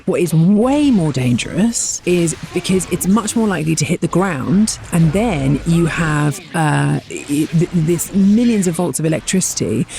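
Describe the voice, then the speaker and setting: A man's voice: a little high, expressive, gravelly, darkish tone. A man with an English accent, co-hosting a podcast and eagerly explaining science in casual chat. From England. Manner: enthusiastic explainer, quick bursts. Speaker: podcast co-host.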